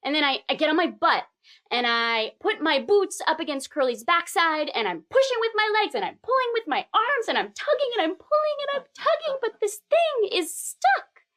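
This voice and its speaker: A woman telling a personal story on stage, animated, building tension through repeated phrases and rising to high squeaks.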